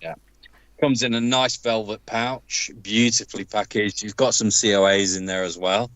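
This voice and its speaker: Low-voiced Englishman, enthusiastic and dry-sounding. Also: fairly even intonation, normal speed, fairly bright tone, no room sound, low-quality recording. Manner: enthusiastic, lavishly descriptive. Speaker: livestream co-host. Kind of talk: casual livestream chat.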